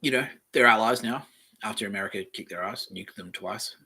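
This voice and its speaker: A man hosts a podcast from home, reading from a screen and breaking off into joking asides. His voice is low and husky with a tense, forceful edge. His words often sink into mumbles. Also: fairly quick. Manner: offhand, joking, trails off into mumbles. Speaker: podcast host. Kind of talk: rambling casual commentary while reading aloud.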